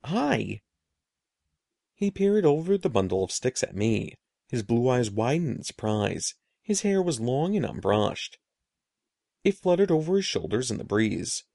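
A man reading a children's story aloud in an expressive, animated way. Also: medium pitch, normal speed, no room sound, studio quality. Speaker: narrator.

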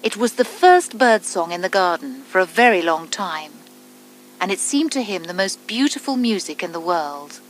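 A woman reading a children's story aloud, calm and deliberate, with clearly spaced phrases. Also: medium pitch, slight background noise, rough recording.

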